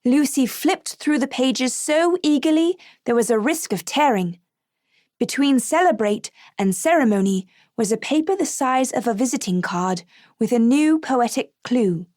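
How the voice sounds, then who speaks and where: A woman reading an audiobook aloud in clear, even scripted narration. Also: sits high, a little slow, dry recording, studio quality.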